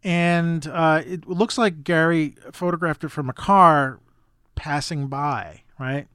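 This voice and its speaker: A man's voice: fairly high pitch, fairly even intonation, slow pace, fairly bright tone, clean tone, no room sound, studio quality. A man hosting a podcast, talking casually about a photo book, musing and rambling with restarts. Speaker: podcast host.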